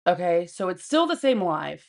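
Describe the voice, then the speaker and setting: Woman, livestream host, gravelly voice, lowish pitch, blunt, profane, casual chat at home. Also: big pitch swings, moderate pace. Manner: blunt and profane, laughing often, talking to viewers and her pet.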